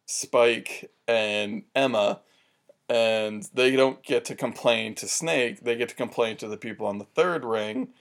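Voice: medium pitch, measured pace. Rambling co-host telling stories. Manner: rambling, filler-heavy, tells stories. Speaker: podcast co-host. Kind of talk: casual chat.

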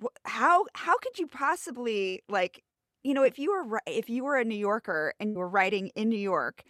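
A woman co-hosting a podcast, talking casually in a halting, hesitant way. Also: a little high, expressive, a bit bright, dry recording, studio quality. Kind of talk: casual chat.

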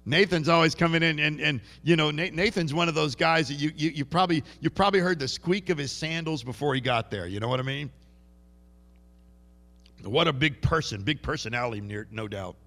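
Gravelly preacher in an echoing hall. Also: male voice, a little high, brisk, fairly bright tone. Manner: conversational, repeats words and restarts often. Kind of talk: sermon. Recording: long reverb of a large hall.

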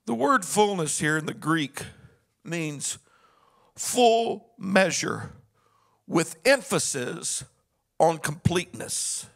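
A man preaching as pastor, swinging from a low murmur to high, chanted shouting in a sing-song cadence. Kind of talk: sermon.

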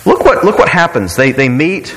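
A man's voice: fairly high pitch, big pitch swings, normal speed, a bit bright, big-room sound, rough recording. A man preaching a sermon in a conversational way, often repeating words and asking rhetorical questions. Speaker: pastor.

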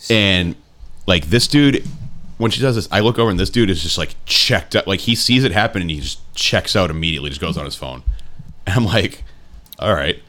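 A young man with a very low, deep voice tells a long, rambling story to his buddies. He swears freely and keeps slipping into quick impressions of the people he met. It is loose, casual chat among friends. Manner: rambling, animated storytelling with acted-out quotes.

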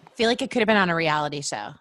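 A woman's voice: lowish voice, animated, racing, fairly bright tone. A woman hosting a podcast, asking questions in a playful, upbeat way. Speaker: podcast host. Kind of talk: interviewing.

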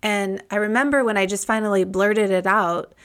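A woman's voice: medium pitch, steady tone, moderate pace, fairly bright tone, clean tone. A woman in her thirties hosting a podcast, telling a personal story in a reflective, heartfelt way. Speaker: podcast host.

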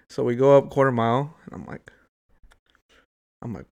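A young man rambles through a long story in casual conversation, cursing freely and leaning hard on "like" and "dude." His voice sits in the mid range with a slightly bright edge, and he speaks at a measured pace with frequent pauses.

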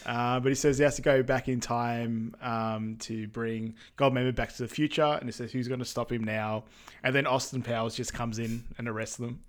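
A man co-hosting a podcast, chatting casually about a film with plenty of fillers and quick agreeing asides. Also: medium pitch, fairly even intonation. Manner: easygoing, lots of fillers and agreeing interjections. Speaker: podcast co-host. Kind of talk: casual film recap chat.

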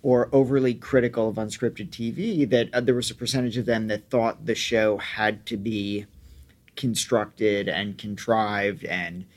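A man's voice: lowish voice, steady tone, unhurried. Frank, reflective male podcast host. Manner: reflective, frank, occasional swearing. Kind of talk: conversational commentary.

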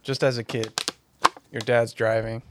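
A man's voice: mid-range voice, level tone, unhurried, heavy background noise. A man telling a story in casual chat, laid-back and swearing casually.

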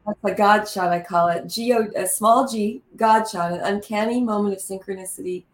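A woman telling a lively anecdote in an interview, acting out the lines of the people in it. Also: medium pitch, normal speed. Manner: lively anecdote teller, acts out quotes. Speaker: guest. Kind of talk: animated storytelling in conversation. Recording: roomy echo.

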